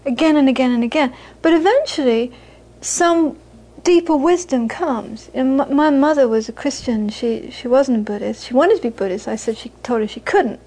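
A woman's voice: high-pitched, normal speed, few pauses, dark tone. A British woman, a Buddhist teacher, giving a dharma talk to a live audience, earnest and repeating phrases for emphasis, with frequent laughter.

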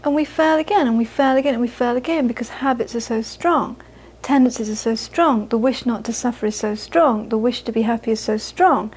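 A woman's voice: a little high, fairly quick, hardly any pauses, darkish tone, breathy edge. A British woman, a Buddhist teacher, giving a dharma talk to a live audience, earnest and repeating phrases for emphasis, with frequent laughter.

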